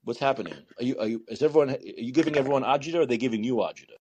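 A man's voice: medium pitch, racing, very noisy. A man hosting a call-in show, laughing, teasing and often repeating himself. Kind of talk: casual call-in chat.

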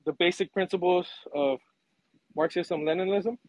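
A man's voice: high-pitched, moderate pace, no echo. A man calling in to a podcast, blunt and earnest, laughing between points. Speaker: caller. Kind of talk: casual call-in chat. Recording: dull, dry phone-in audio.

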